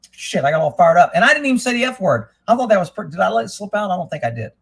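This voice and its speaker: A man hosting a live talk stream, ranting about politics in a fired-up, swearing way and shouting when worked up. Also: sits high, very animated, rapid-fire, vocal fry, hardly any pauses, husky. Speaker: livestream host.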